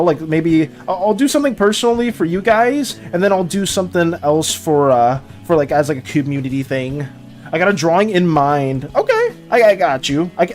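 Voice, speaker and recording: Stammering, excitable streamer with a lively voice. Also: mid-range voice. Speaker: art streamer. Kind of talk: casual live-stream chat.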